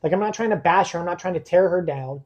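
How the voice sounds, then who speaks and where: A man guest on a podcast, earnestly telling a personal story in a halting way, with fillers and restarts. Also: sits high, a little mellow, muffled recording.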